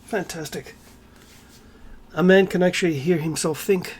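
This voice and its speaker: A man's voice: sits high, a little slow, breathy edge. Sarcastic man ranting to camera. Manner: sarcastic, irreverent and swearing; animated, with bursts of emphasis and laughter. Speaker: channel host. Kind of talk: ranting solo vlog monologue.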